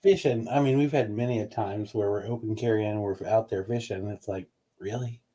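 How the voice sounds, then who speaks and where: A man's voice: lowish voice, steady tone, fairly quick, dark tone. A man chatting casually, throwing in jokes and brief remarks. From United States. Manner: joking interjections, laughs along. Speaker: co-host. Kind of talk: casual chat.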